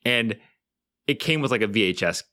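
A man co-hosting a podcast, talking in a relaxed, thoughtful way with plenty of fillers. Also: fairly low pitch, normal speed, no echo, clean studio sound. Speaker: podcast co-host. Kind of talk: casual chat.

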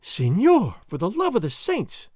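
A man's voice: sits high, wildly swooping pitch, unhurried, a little mellow, no echo, clean studio sound, voice pushed up, full character voice. A man voicing a proud, flustered young noblewoman in a formal, agitated manner. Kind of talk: audiobook character voice.

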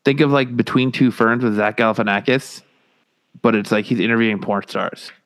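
A medium-pitched man speaks a little fast while co-hosting a podcast full of casual banter. He swears freely and animatedly acts out what other people said.

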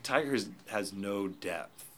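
A man's voice: lowish voice, lively intonation, takes it slowly. A man hosting a podcast, chatting casually with dry, sardonic teasing. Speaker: podcast host.

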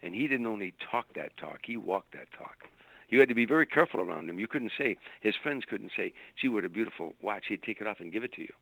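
A man's voice: lowish voice, lively intonation, fast, creaky, dry recording, narrow, tinny audio. An older man, a stand-up comedian, telling long anecdotes in an interview, repeating words as he searches for them. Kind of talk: storytelling interview.

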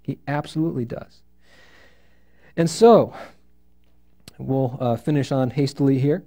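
A man leads a Bible study for a small group in a room, reading passages and unpacking them. His voice sits a little high for a man but has a mellow tone. He keeps his delivery animated and asks the group questions as he goes. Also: a little slow. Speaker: Bible teacher.

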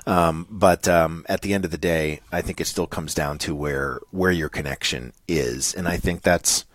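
Deep-voiced New England man, earnest. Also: moderate pace, no room sound. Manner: earnest, rambling, many fillers and restarts. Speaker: podcast co-host. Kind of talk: conversational podcast chat.

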